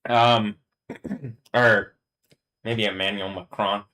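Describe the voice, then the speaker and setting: A man's voice: fairly low pitch, fairly even intonation, very slow, sharp tone, poor audio. A man rambling through a live stream monologue, swearing freely and laughing to himself.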